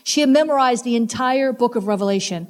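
A woman's voice: a little high, a little fast. A woman preaching a sermon, emphatic and full of repeated exhortations.

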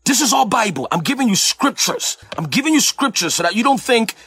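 A man's voice: very high voice, big pitch swings, a little fast, fairly bright tone, husky. A man from Puerto Rico preaching in an emphatic way, often repeating phrases for emphasis. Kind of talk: sermon-style teaching.

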